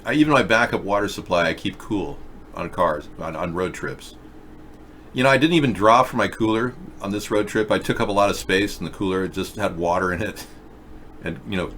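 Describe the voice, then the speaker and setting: A man's voice: sits low, brisk, fairly bright tone, slight background noise. A man hosting a casual video chat show, rambling through stories and reading viewer comments aloud. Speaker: show host.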